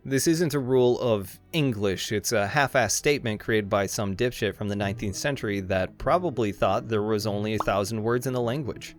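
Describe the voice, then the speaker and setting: A man's voice: on the low side, a little fast, few pauses. A man giving scripted comedic narration for a video essay, irreverent and sarcastic, swearing freely. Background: faint background music.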